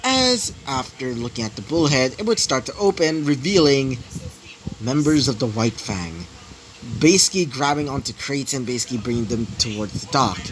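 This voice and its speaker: A man's voice: medium pitch, lively intonation, moderate pace, noisy background. Rambling male fan-story narrator. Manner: rambling, many fillers and restarts.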